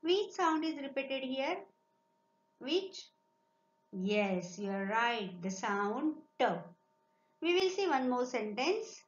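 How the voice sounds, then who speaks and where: A woman teacher with an Indian English accent, a Marathi speaker, giving a slow, encouraging online lesson to children and reading sentences aloud for them to repeat. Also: high-pitched, sing-song. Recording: echoey lo-fi recording with faint hiss.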